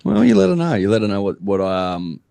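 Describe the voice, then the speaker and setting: Deep blokey man, dry sound. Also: sing-song, a little fast, vocal fry, dark tone, dry recording. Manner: blokey, sweary, says mate a lot. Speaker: podcast co-host. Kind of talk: casual chat.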